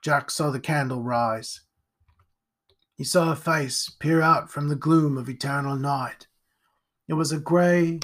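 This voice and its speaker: A man narrating a horror story in a slow, deliberate storytelling manner. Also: on the high side.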